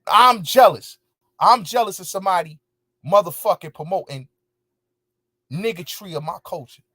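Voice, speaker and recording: His voice sits high, bright and forceful with a breathy edge, animated and moderately paced with frequent pauses. Hosting his show, he answers viewers with a furious, profanity-heavy rant, emphatically repeating his points, in a dry recording.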